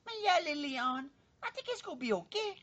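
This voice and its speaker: A woman's voice: high-pitched, very animated, fairly quick, fairly bright tone, muffled recording. A woman voicing a cheeky young country boy. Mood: reassuring. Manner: drawling.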